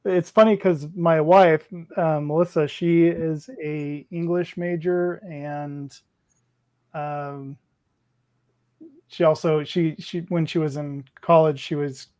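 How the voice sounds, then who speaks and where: A man's voice: on the high side, steady tone, darkish tone, clear, resonant tone. American man with a Pacific Northwest accent. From Washington State, USA. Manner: rambling storyteller, halting, with many fillers. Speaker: livestream co-host. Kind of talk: casual livestream chat.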